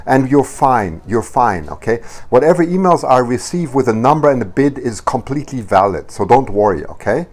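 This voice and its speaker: A man's voice: medium pitch, animated, moderate pace. A man running a livestream photo auction on a handheld microphone, flustered and apologetic, coughing now and then with a slightly hazy voice. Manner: flustered, apologetic, laughing often. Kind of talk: casual live auction talk.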